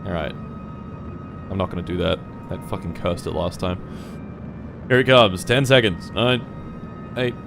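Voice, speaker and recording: A young man commentating his own live game stream, swinging between quiet muttering and loud swearing outbursts. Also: lowish voice.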